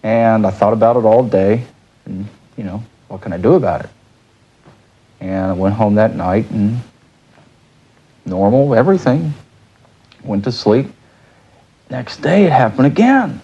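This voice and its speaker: A man's voice: lowish voice, a little slow, pauses often, mellow, breathy edge, lo-fi sound. A man being interviewed, recalling events in a rambling way, with many "you know"s. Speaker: interviewee recounting a dream. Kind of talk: casual interview recollection.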